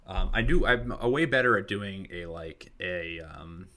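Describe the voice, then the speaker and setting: A man's voice: sits low, expressive, a little slow, bright, forceful tone. A young man co-hosting a history podcast, chatting casually and drifting into rambling side stories. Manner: rambling storyteller who digresses. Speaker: podcast co-host. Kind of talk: casual chat.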